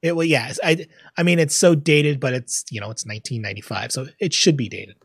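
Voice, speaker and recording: A man's voice: medium pitch, fairly quick, slightly rough. A man co-hosting a casual movie podcast, acting out his reactions as he talks. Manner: animated, acts out his own reactions. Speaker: podcast co-host. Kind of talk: casual chat.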